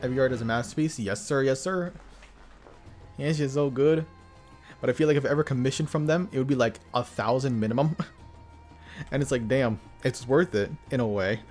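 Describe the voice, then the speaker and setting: A man's voice: medium pitch, fairly even intonation, quick pace, darkish tone. Young guy streamer: slangy, jokey, laughs a lot, faint music underneath. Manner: joking, laughs often, slangy. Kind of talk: casual gaming commentary.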